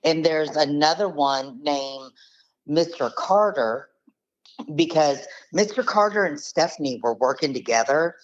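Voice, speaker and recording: A woman's voice: low voice, animated, measured pace, muffled recording. A woman telling the story of her uncle's losses in a blunt, emphatic, casual way. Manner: emphatic, blunt retelling with acted quotes. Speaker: scam victim's niece, guest.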